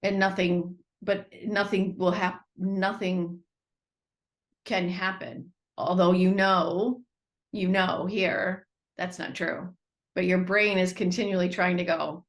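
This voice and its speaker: A woman's voice: lowish voice, level tone, takes it slowly. A woman co-hosting a podcast, speaking in a thoughtful, hesitant way. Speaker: podcast co-host. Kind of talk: reflective conversational chat.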